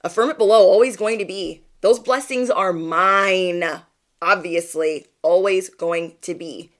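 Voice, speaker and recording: A woman's voice: on the low side, measured pace. Chatty, encouraging woman tarot reader. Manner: chatty, playful, keeps asking "okay?"; encouraging, speaks straight to viewers. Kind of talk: livestream card reading.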